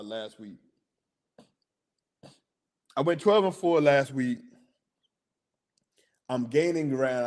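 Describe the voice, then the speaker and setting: A man hosting a casual sports talk livestream, slangy and excitable, rambling about his picks. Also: medium pitch. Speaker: sports podcast host.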